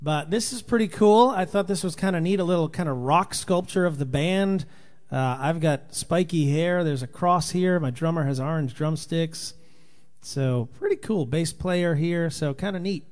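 A man's voice: fairly high pitch, moderate pace, darkish tone. A man from Rhode Island hosting a casual livestream, greeting viewers by name in a loose, rambling way. His voice is tired and worn out from touring. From Rhode Island, USA. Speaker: livestream host and touring Christian musician. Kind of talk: casual live chat reading viewer comments.

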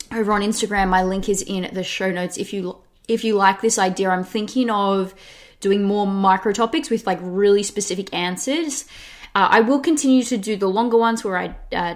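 A young woman hosting her own podcast, talking casually and chattily, with lots of "like" and quick restarts. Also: mid-range voice. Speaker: podcast host. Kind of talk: casual solo podcast talk.

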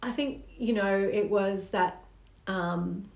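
A woman's voice: mid-range voice, slow, creaky, a little mellow. A woman co-hosting a podcast, chatting casually and emphatically, often trailing off mid-thought. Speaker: podcast co-host. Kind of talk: casual chat. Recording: echoey room with faint background noise.

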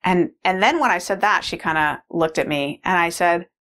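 A woman's voice: fairly low pitch, moderate pace, fairly bright tone. A middle-aged mother telling a personal story in a casual, rambling way, full of "like" fillers. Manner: rambling, heavy use of "like" fillers.

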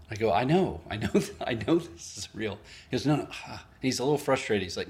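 Animated male pastor telling a story. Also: on the low side, fairly quick. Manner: storytelling, quoting others in varied voices; earnest, with self-deprecating laughs. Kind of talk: sermon.

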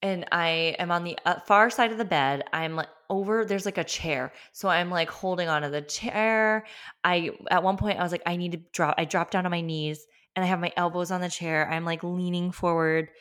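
A woman's voice: lowish voice, moderate pace, fairly bright tone. A young adult woman hosting a podcast, telling a personal story in a chatty, emphatic way full of "like". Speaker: podcast host.

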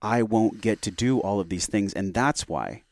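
A man's voice: lowish voice, moderate pace, no room sound. A man speaking as a podcast guest, telling a personal story in an earnest, heartfelt, reflective way.

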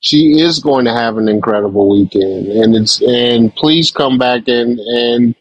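A man's voice: mid-range voice, unhurried, dry recording, muffled recording. A man hosting a podcast, responding enthusiastically to a listener and passing the mic on. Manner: enthusiastic, restarts phrases. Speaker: podcast host. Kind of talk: warm casual chat.

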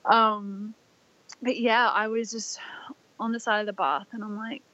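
A woman's voice: on the high side, normal speed, a bit bright, dry recording. Young woman, heartfelt birth story, casual storytelling, muffled dry sound. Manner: emotional, breathless retelling with many fillers and restarts. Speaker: guest telling her birth story.

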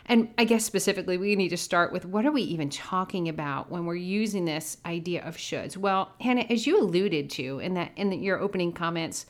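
A middle-aged woman co-hosting a podcast, telling a story in a casual, animated way and often laughing. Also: fairly low pitch, brisk, hardly any pauses. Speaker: podcast co-host.

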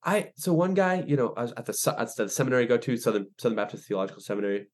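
A young man, a ministry director, telling stories as a podcast guest, animated and full of restarts. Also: mid-range voice, racing. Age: young adult. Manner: animated storyteller, many restarts and fillers. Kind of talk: casual interview chat.

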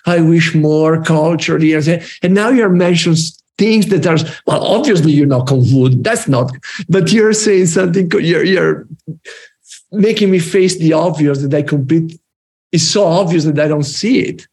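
A man hosting a conversation, speaking haltingly and searching for words. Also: fairly high pitch, a little mellow. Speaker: host. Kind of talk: conversational interview.

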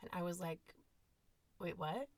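A woman in her thirties, a mother of eight, hosting a podcast and telling candid, animated personal stories. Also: on the low side, measured pace, no echo. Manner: candid, animated, quotes herself in asides. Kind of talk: casual personal storytelling.

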